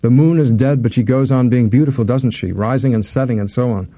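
A man voicing a soft-spoken male captor who talks quietly and slowly, tired but kind. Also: medium pitch, no echo, lo-fi sound, lightly acted.

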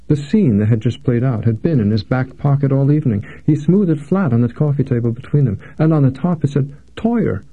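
A man narrating a literary audiobook in a measured, somber way. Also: fairly low pitch, vocal fry, slightly rough, no echo. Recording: dry, tinny phone-like sound.

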